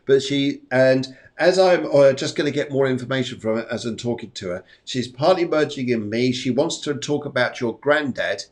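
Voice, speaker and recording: A man's voice: mid-range voice, normal speed, hardly any pauses. A middle-aged man hosting a live stream as a psychic medium, giving tarot readings in a chatty, rambling way that repeats phrases. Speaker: psychic medium and show host. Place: home during a storm.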